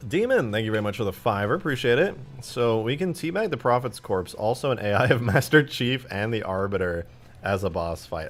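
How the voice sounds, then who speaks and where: A man's voice: on the low side, expressive, brisk, faint music behind. A man live-streaming game modding, chatting casually and cursing as he answers viewers. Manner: loose and profane, answering chat questions. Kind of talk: casual livestream chat while modding.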